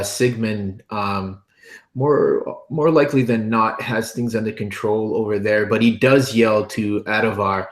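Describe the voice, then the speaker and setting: A man playing a tabletop game, thinking aloud and hesitating as he plans his character's moves. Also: lowish voice. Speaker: player. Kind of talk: describing actions in a tabletop game.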